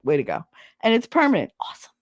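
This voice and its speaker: A woman's voice: fairly high pitch, wildly swooping pitch, quick pace, no echo. A woman hosting a casual podcast, telling stories bluntly with plenty of swearing and frequent laughter. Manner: blunt, profane, laughs and snorts often. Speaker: podcast host. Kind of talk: casual storytelling chat.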